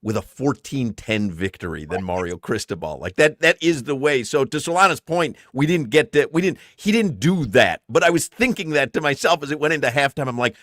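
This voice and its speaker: A man co-hosting sports radio, relaxed and wry. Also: medium pitch, fairly quick, few pauses, no echo, clean studio sound.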